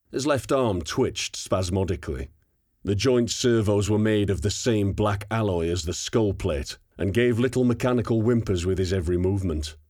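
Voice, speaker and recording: A man narrating an audiobook in a steady, measured storytelling manner. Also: low voice, no echo, studio quality.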